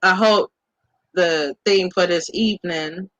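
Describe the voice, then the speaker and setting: A man's voice: high-pitched, slow, fairly bright tone, dry recording, rough recording. A male host who talks in a teasing, emphatic way. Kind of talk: casual talk.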